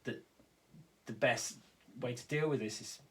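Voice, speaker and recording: Man, earnest, halting restarts, mid-pitched voice, reflective conversation. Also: fairly bright tone. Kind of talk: reflective conversation about grief.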